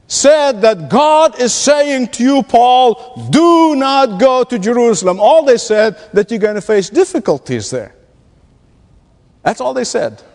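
High-voiced man preaching in a reverberant hall. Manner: emphatic, dramatic, slows down for stress. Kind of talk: sermon.

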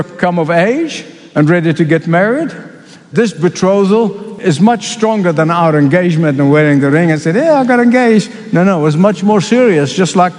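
A man preaches with fervour, his voice sitting high for a man. He drives his points home by repeating them. The sound rings with a long hall reverb, as in a church sanctuary. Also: a little mellow. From Middle East. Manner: impassioned, repeats key phrases for emphasis. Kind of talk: sermon.

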